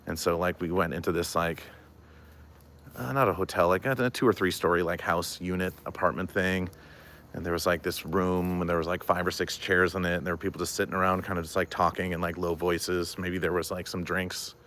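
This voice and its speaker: Deep-voiced man rambling on a livestream. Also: flat delivery, fairly quick, a bit bright, slight background noise. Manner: rambling, many fillers, reads and answers chat. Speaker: comedian streamer. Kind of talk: casual livestream chat.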